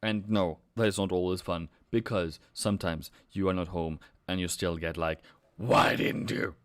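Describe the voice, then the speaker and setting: A man's voice: low voice, fairly even intonation. A man hosting a live trading stream, talking through charts and joking with his viewers. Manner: joking banter, drawn-out chart talk.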